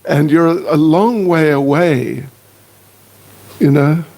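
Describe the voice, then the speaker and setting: An older man, a visiting monk, speaking to a congregation in a slow, teasing, self-deprecating way. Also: fairly high pitch, vocal fry, a little mellow, a little hiss or hum. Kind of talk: casual joking address to a congregation.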